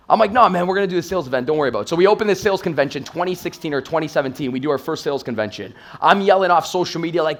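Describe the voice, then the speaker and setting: A man's voice: on the high side, expressive, racing, few pauses, a bit bright. A man in his thirties from Toronto, Canada, giving an intense motivational stage talk as a sales trainer and acting out quotes as he tells stories. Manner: intense, hype-driven storytelling with acted-out quotes. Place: stage in a live event room.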